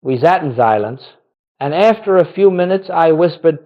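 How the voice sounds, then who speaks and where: Calm, gentle man in slow measured phrases. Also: a little high, muffled recording. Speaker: spiritual narrator. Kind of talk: scripted devotional narration.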